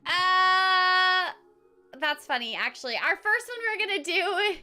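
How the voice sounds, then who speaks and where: Very high, bright excitable woman streamer. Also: slow, faint music behind. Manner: excitable, chatty, talks to chat. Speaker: voice actor streaming a game. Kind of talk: livestream gameplay chat.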